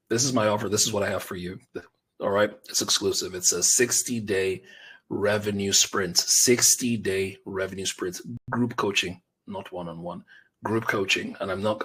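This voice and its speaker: A man, hosting a live business webinar as a coach, talking straight to viewers in an energetic, casual way. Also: fairly low pitch, slightly rough. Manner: energetic, conversational, talks directly to viewers with slang like bro and fam.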